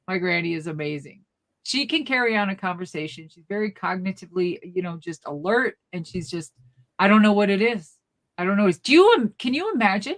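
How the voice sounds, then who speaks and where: Animated woman telling stories, bright voice. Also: mid-range voice, brisk. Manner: animated, acts out quoted voices loudly. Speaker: co-host. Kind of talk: casual storytelling chat. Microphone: live stream, remote.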